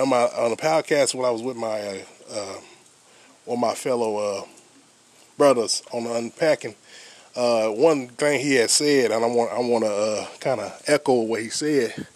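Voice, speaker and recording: A man's voice: medium pitch, no echo. Earnest man podcasting outdoors in rain. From United States. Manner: earnest, repetitive, many fillers and restarts. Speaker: podcast host. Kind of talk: casual spoken advice podcast.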